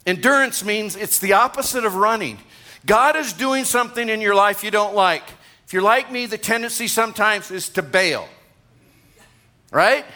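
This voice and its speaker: A man's voice: high-pitched, animated, normal speed, bright, forceful tone. A man in his sixties, a pastor, preaching a sermon to a congregation in a conversational way, with asides to the room. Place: church gathering.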